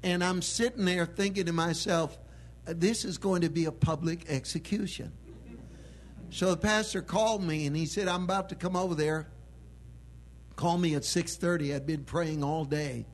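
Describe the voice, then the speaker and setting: A man preaching a sermon with emphatic delivery that swells into loud proclamation. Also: fairly high pitch, normal speed, slight background noise.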